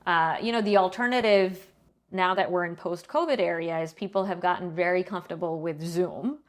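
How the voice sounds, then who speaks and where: A middle-aged woman answering interview questions in a measured, explanatory way, often pausing to check in with "right?". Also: on the low side. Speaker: guest, banking leader and professor.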